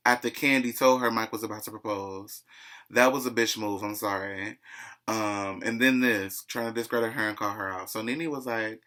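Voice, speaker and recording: Man, gossipy casual recap, chatty, mid-pitched voice. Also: steady tone, normal speed, sharp tone. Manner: chatty and gossipy, keeps saying "child". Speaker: reality TV recap vlogger.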